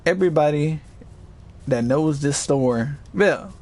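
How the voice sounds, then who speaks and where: A man casually telling a story to his chat, animated and swearing, acting out other people's voices with high yells. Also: takes it slowly.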